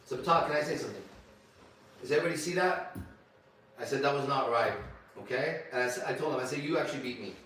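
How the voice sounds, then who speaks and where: Profane, animated man in an echoey room. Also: mid-range voice, fast, distant mic, slight background noise. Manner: profane, animated storytelling with sudden shouts. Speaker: ministry leader. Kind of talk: storytelling to a small group.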